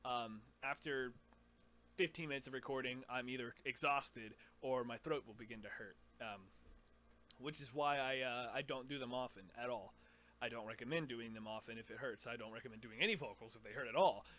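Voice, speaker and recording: Guy rambling about his metal screams, bright forward voice, keeps breaking into little growls. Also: mid-range voice, a little fast. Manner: rambling, demonstrates screams mid-sentence. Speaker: vocalist explaining his screams. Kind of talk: casual vocal tutorial.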